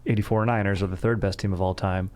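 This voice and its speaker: A man's voice: low voice, steady tone, quick pace, darkish tone. A man hosting a casual sports podcast, rambling and joking, often breaking into laughter. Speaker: podcast host.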